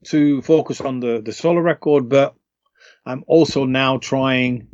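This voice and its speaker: A man chats easily about his records, loose and good-humored, laughing as he goes. His mid-pitched voice sounds muffled and lo-fi, with no room echo at all. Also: unhurried, darkish tone. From United Kingdom. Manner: laid-back, chatty, laughs often. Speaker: singer being interviewed. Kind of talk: casual interview storytelling. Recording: dull, lo-fi, dry call audio.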